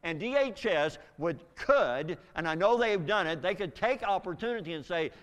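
An older man giving a spoken testimony, telling a story earnestly with halting restarts. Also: sits high, lively intonation, a bit bright. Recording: long reverb in a large hall.

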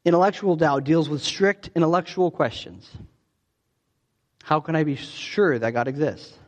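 A man's voice: a little high, moderate pace. A man preaching a sermon in a conversational way, often restarting his phrases. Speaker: pastor.

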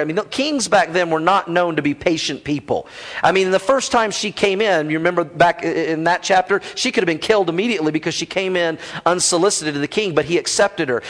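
A male pastor giving a conversational, joking sermon in a teacherly way. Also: high-pitched.

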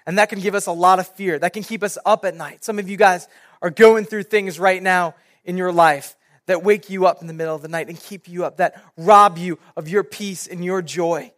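A young man, a youth pastor, giving a sermon and telling a personal story in a casual, animated way. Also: sits high, normal speed.

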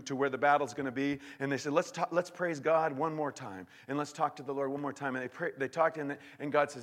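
A male pastor preaching a sermon in an animated, emphatic way, often repeating and restarting his words. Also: medium pitch, in a large hall. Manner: animated, emphatic preaching with sudden shouts and drops to near-whisper.

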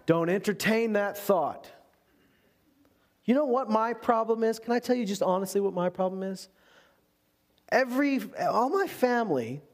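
A man with a notably high voice preaches a sermon. He speaks with lively, animated conviction and slips into playful, self-deprecating humor between the earnest points. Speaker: pastor.

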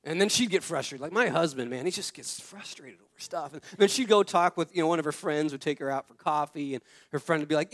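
A man's voice: fairly high pitch, lively intonation, quick pace, few pauses, a bit bright. A man in his thirties preaching a conversational sermon, telling family stories and repeating phrases for emphasis. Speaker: pastor.

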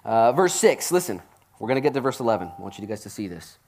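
A man preaching a Bible-teaching sermon in a casual, animated way, with jokey asides. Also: fairly low pitch, fast. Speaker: pastor.

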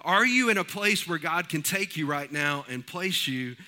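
A man preaching from the pulpit. His voice is high and very bright, with a ringing edge. He tells homespun stories in a folksy, animated way. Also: normal speed. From East Texas. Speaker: pastor. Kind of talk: sermon.

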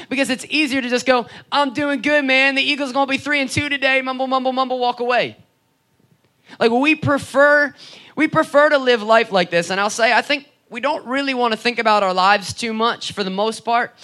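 A man's voice: sits high, sharp tone. A young man preaching a sermon in a conversational, storytelling way, with frequent asides and rhetorical questions. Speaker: pastor.

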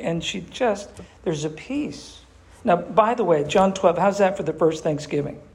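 Energetic man leading a Bible study. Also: a little high, creaky. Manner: energetic, emphatic, calls on group members by name. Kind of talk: interactive Bible teaching.

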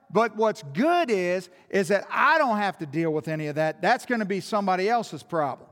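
A man's voice: high-pitched, big pitch swings, normal speed, fairly bright tone. A man preaching a sermon in a church, emphatic and full of rhetorical questions. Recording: long hall reverb.

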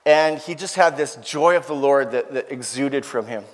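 A man's voice: mid-range voice, moderate pace. A man telling an emotional story in a sermon, earnest and heartfelt, acting out the voices of the people he quotes. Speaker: preacher. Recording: long hall reverb.

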